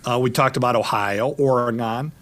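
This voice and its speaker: A middle-aged man hosting a law talk show, chatting casually in a rambling, jokey way full of shout-outs. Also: medium pitch, moderate pace. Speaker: lawyer and show host. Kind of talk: casual chat.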